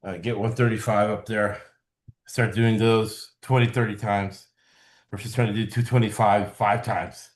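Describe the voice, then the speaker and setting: A man's voice: lowish voice, little pitch movement, unhurried. Easygoing man hosting a sports podcast. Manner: easygoing, asks questions and laughs along. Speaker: podcast host. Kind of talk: casual sports chat.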